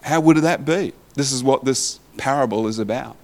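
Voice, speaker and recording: A man's voice: mid-range voice, moderate pace. A man preaching a sermon in a conversational way, reading scripture aloud and asking the listeners questions.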